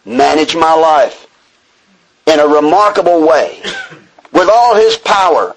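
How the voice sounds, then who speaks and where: A man's voice: fairly high pitch, a little hiss or hum, rough recording. A man from Texas speaking at a recovery meeting. He preaches earnestly, reading a passage and then explaining it, with self-deprecating asides. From Texas, USA. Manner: self-deprecating humor with chuckles. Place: meeting room before a group.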